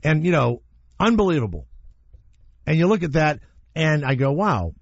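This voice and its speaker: A man's voice: a little high, normal speed, creaky, breathy edge, no room sound. Radio host guy ranting about stuff, swears, voice jumps around a lot, dry dull-ish studio audio. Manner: opinionated, animated storytelling with blunt profanity. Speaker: radio talk show host. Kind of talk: casual talk radio chat.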